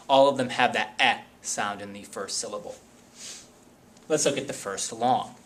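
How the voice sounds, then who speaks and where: A man's voice: on the low side, normal speed, fairly bright tone, a little hiss or hum. A man teaching a spelling lesson, explaining carefully and reading word lists one word at a time.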